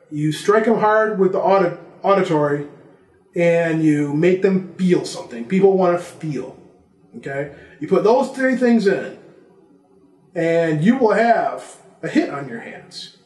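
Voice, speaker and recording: A man's voice: high voice, unhurried, darkish tone, roomy sound. A man giving a casual vlog lesson on filmmaking, talking conversationally and listing examples. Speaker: filmmaking instructor.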